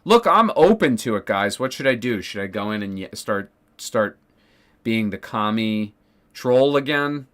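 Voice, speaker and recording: A man's voice: lowish voice, animated, unhurried, a bit bright. A man streaming casually, ranting sarcastically with lots of swearing, fillers and restarts. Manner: profane, sarcastic, rambling with many fillers.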